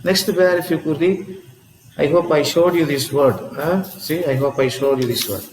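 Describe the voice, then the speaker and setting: A man, teaching a lesson in a slow, repetitive way and often asking "see?" and "huh?". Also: a little high, a little hiss or hum. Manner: slow, repeats each word, asks "see?" and "huh?". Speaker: English teacher. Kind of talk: classroom lesson. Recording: echoey room with long reverb.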